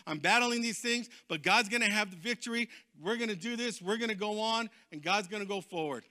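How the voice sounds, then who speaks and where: Bright, high-voiced man preaching a testimony. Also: fairly quick. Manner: storytelling, lively and emphatic. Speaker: guest preacher. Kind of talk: testimony sermon.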